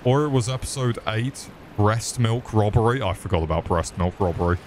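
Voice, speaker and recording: A man's voice: on the low side, moderate pace, a little hiss or hum. Sweary British man streaming a game. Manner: sweary, excitable, chats with viewers. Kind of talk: live gameplay commentary.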